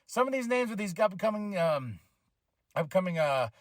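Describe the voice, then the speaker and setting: A man with a high voice talks through a wrestling show like a fan chatting with friends. He is loose and animated, peppering his talk with fillers and short laughs. The sound is dry, with no room echo. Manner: animated, acts out wrestlers' lines in quick voices; frequent laughter and filler words. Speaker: podcast host. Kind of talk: casual wrestling show recap.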